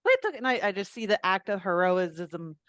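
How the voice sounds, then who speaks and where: A woman player chatting excitedly at a tabletop game. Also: mid-range voice, normal speed. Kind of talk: casual game chat.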